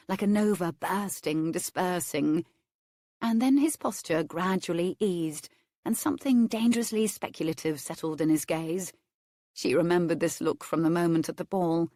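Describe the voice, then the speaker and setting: A woman reading a romance novel aloud as its narrator, measured and expressive. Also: lowish voice, dry recording, clean studio sound. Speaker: audiobook narrator.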